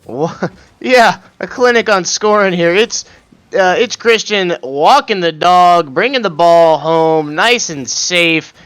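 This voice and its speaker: High bright esports co-caster. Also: male voice, slow, smooth. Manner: punny, laughs often. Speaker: esports color commentator. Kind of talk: color commentary.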